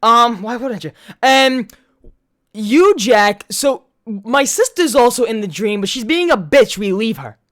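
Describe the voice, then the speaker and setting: A man hosting a podcast in casual chat, telling a story in an animated, profane way. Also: extremely high pitch, measured pace. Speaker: podcast host.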